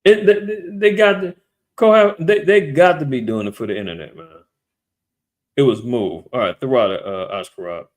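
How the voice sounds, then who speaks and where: A man's voice: mid-range voice, normal speed. A man giving a casual, blunt and profane commentary on current events.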